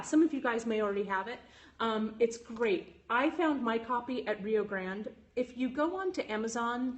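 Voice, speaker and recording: Chatty woman livestreaming from her bench. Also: medium pitch. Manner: chatty, with frequent "um"s, reads and answers viewer chat. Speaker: jewelry maker hosting a livestream. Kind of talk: casual live-stream chat. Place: home jewelry studio. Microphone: phone.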